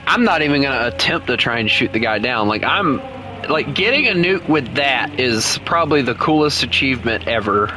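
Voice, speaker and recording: A man's voice: mid-range voice, expressive, moderate pace, over music. A man casually commenting on his own gameplay while streaming, chatty and laughing often as he talks to himself. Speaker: gaming streamer. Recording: noisy game audio underneath.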